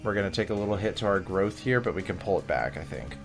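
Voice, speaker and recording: A man with a low voice talks through a strategy game, joking and weighing his choices aloud. His delivery is chatty and relaxed. Soft game music plays in the background. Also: quick pace, vocal fry. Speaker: gaming video host. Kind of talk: let's play commentary.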